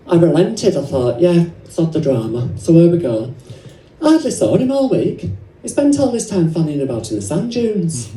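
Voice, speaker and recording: A woman's voice: low voice, mellow, slight background noise. A woman playing a bawdy cheeky nurse on stage. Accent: English. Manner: bawdy, teasing the audience. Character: brassy cheeky female nurse character. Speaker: stand-up comedian. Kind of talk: live stand-up comedy. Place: comedy club stage. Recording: roomy live venue from far off, crowd laughter.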